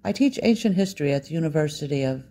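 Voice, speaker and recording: A man reading the lines of an eccentric Italian professor in his sixties, cheerful and rambling, with a gravelly, dark voice. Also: a little high, expressive, quick pace. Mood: eager.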